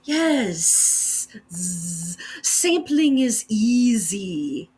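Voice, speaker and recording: Woman doing a slow whispery bee-woman shopkeeper. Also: mid-range voice, big pitch swings, darkish tone, breathy edge, full character voice. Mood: coaxing. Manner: slow, drawn-out, whispery, ends lines with a buzz. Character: menacing graceful bee-woman shopkeeper, buzzing.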